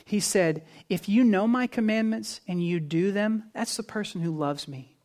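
A man preaching a sermon in an earnest way, building to emphatic peaks and then dropping low and quiet. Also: normal speed. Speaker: pastor.

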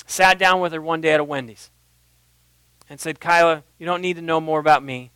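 A man in his thirties preaching a sermon in a church, moving between quiet, intimate asides and loud, impassioned passages. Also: on the high side, fairly even intonation, a little fast, smooth, no room sound, rough recording. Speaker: pastor.

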